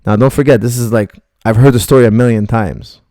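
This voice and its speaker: A man's voice: medium pitch, fairly even intonation, brisk, dark tone, dry recording, clean studio sound. A middle-aged man, a martial arts coach, bluntly rambling through viewer questions on a live stream.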